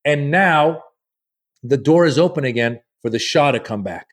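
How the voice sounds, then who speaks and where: A comedian guest on a casual podcast tells a long, loose, profane story, animatedly acting out the people he quotes. His voice is on the high side, at normal speed.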